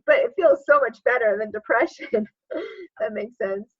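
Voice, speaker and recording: A woman's voice: fairly high pitch, husky, muffled recording. A woman coach as a podcast guest, reflective and chatty, with many fillers. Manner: reflective, speaks in quick bursts with many fillers like "like". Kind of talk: conversational interview.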